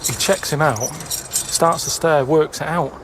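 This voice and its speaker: A man's voice: a little high, a little slow, heavy background noise. A British man telling a rambling anecdote on a comedy podcast, stalling on restarts and fillers. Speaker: podcast guest storyteller.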